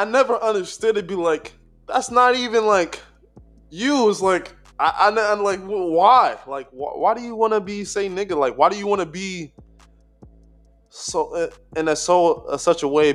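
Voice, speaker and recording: A man's voice: high voice, measured pace, a bit bright, faint music behind. A man co-hosting a podcast in casual chat, rambling with lots of fillers, restarts and swearing. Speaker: podcast co-host.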